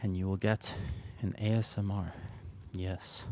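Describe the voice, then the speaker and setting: A man livestreaming a game, chatting casually and playfully with viewers while keeping his voice quiet to rest a sore throat, close to his desk microphone. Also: low-pitched, little pitch movement, unhurried, a little hiss or hum. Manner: playful, chatty, talks to chat by name. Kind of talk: casual chat while gaming.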